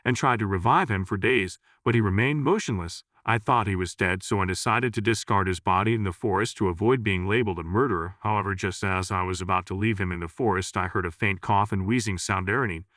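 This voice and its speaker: Steady woman hunter telling what she saw read by a man, low and dry. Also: a little fast, hardly any pauses, dry recording, lightly acted. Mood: earnest. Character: brave woman hunter, plainspoken witness.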